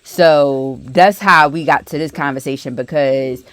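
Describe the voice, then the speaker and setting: A woman vlogger telling a story in a casual, animated and profane way, full of fillers. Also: sits low, measured pace.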